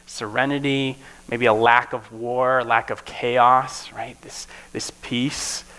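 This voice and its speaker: Bright-voiced man giving a casual sermon. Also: medium pitch, rough recording. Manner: keeps checking in with listeners with "right?". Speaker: preacher.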